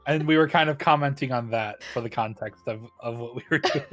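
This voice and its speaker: An excitable streamer chatting casually on a game stream, often pleading and groaning loudly. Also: medium pitch, a little fast, faint music behind. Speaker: streaming guest.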